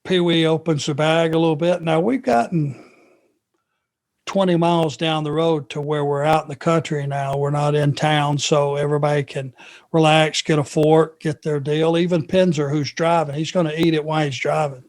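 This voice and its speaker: A man from Georgia, co-hosting a podcast and telling a long anecdote in an unhurried, drawn-out way. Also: on the high side, steady tone, a little mellow. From Georgia, USA. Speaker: podcast co-host. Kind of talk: casual storytelling chat.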